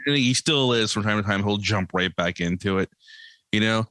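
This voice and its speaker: A man who is a guest on a podcast tells a family story in a casual, animated way, laughing often and acting out what people said. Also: fairly low pitch, normal speed, no room sound. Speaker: podcast guest, comic creator and single dad.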